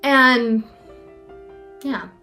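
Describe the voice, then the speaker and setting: A woman's voice: fairly high pitch, extremely slow, pushed and bright, faint music behind. Rambling young woman vlogger. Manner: rambling, self-deprecating, lots of "like". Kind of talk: casual talking-head vlog.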